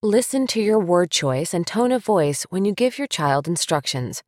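A mother narrating a parenting book in a steady, firm, instructive way. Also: lowish voice, normal speed, no echo, clean studio sound.

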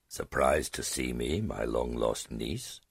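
A man voicing an ancient, condescending male dragon in an audiobook, with a deep growling voice and a slow, superior manner. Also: animated, gravelly, husky, no echo, studio quality, heavily acted. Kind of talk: audiobook character voice.

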